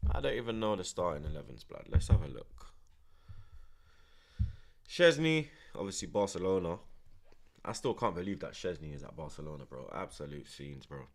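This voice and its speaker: Laid-back slangy man, lowish voice. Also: fairly quick, vocal fry, a little mellow. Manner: slangy, repeats each phrase, laid-back. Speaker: streamer hosting a watchalong. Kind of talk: live watchalong commentary and chat reading.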